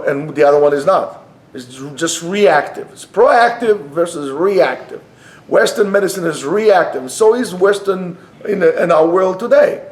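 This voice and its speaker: Man lecturing in an echoey classroom. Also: a little high. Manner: conversational, repeats and restarts phrases, answers the class. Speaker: rabbi teaching a Torah class. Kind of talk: informal Torah lecture. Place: yeshiva classroom. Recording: echoey room.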